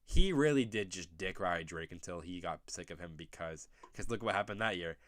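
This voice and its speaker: A young man hosting a casual commentary video, ranting sarcastically and profanely with sudden loud outbursts. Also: low-pitched, lively intonation, normal speed, no room sound, clean studio sound. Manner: profane, rambling, sarcastic rants. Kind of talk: casual commentary reacting to pictures.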